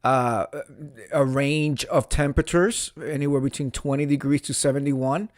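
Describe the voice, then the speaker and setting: A man's voice: medium pitch, fairly even intonation, moderate pace, dry recording, studio quality. A man from New City, chatting casually on a live stream and answering viewers. He talks in a theatrical way and repeats phrases for emphasis. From New York City.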